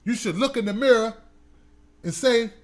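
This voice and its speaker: High-voiced, emphatic male talk host. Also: moderate pace. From United States. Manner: emphatic, preachy, talks straight to the audience. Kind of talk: opinionated commentary.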